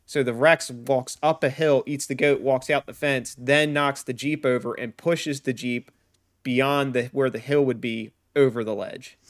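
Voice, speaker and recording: A man co-hosts a film podcast and explains a movie scene in a rambling way. His voice sits at a middle pitch with a dry, close sound. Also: steady tone, measured pace, no echo. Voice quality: rambling, many restarts while explaining. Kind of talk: casual film discussion.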